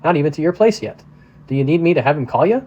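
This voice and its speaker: A man's voice: fairly high pitch, expressive, fast talker, darkish tone, dull audio. Teasing small-town postmaster woman with a Midwestern accent, read by a man, folksy and nosy. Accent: Midwestern American. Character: chatty teasing middle-aged woman postmaster.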